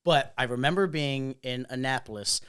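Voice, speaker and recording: A man's voice: mid-range voice, normal speed, fairly bright tone, clear, resonant tone. A young adult man hosting a podcast, telling a crude story with lots of laughter. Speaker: podcast host and comedian. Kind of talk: casual chat, storytelling.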